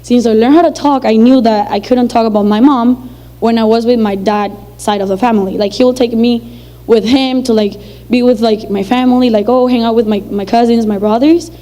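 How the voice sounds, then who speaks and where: Young woman, live storytelling, acts out dialogue, warm tone, slightly high pitch. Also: steady tone, moderate pace, poor audio. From Venezuela. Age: young adult. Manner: chatty, filler-heavy, acts out quoted dialogue. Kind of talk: personal storytelling to an audience.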